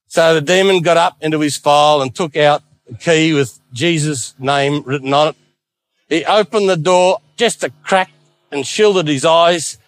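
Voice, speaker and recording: A man preaching a sermon as a lively storyteller with playful asides. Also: on the high side, unhurried, no room sound.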